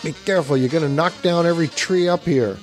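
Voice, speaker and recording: A man's voice: a little high, quick pace, faint music behind, pitched above the performer's own voice, natural voice. A man playing a pushy middle-aged gangster who talks in a blustery, bossy way.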